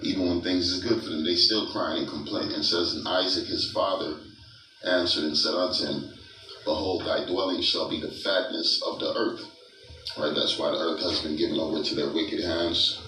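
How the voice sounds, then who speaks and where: A man preaching from scripture, reading verses aloud and mocking his targets with chuckles and a steady "right?". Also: very deep voice, moderate pace. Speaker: street preacher. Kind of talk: scripture-reading sermon commentary. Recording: echoey room, mic far off, music behind.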